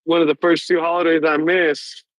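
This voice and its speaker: Man with a blunt, fairly high voice. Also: level tone, a little fast, no echo. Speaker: parent traveling for work. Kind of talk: casual group chat.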